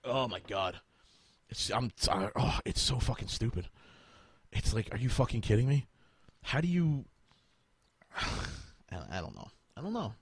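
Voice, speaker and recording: A man ranting on a podcast, cursing constantly and sounding fed up. His voice is husky and swings wildly in pitch, and the recording is dry and close. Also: animated, a little slow, pauses often, no room sound. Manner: profane, exasperated ranting. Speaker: podcast host. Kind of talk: casual podcast chat.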